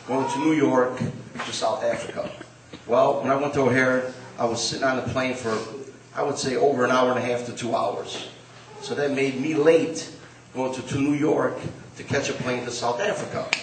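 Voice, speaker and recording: A man's voice: medium pitch, a little hiss or hum. A man telling a rambling personal story at a live story slam, correcting himself as he goes. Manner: rambling, conversational, self-correcting. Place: gym hall at a live event. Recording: roomy hall recording from a distance.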